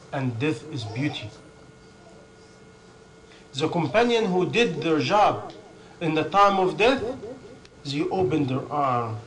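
A man's voice: fairly high pitch, poor audio. A man preaching a sermon in non-native English, driving his points home with stacked lists and rhetorical questions.

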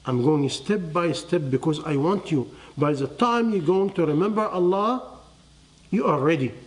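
High-voiced man preaching to a crowd. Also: lively intonation, moderate pace. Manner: quizzes listeners with rhetorical questions. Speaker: religious teacher. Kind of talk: sermon to a live audience.

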